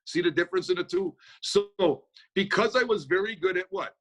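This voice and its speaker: Fast-talking, bright-voiced man. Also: high voice. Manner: fast-talking, energetic, folksy. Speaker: speaker answering audience questions. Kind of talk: motivational Q&A talk. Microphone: video call.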